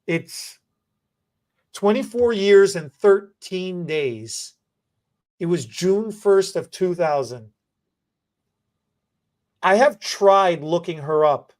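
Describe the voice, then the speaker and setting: A man in his forties, a hairstylist hosting a podcast, telling a story in a halting, emotional way with many restarts. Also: high-pitched, lively intonation, darkish tone. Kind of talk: casual storytelling.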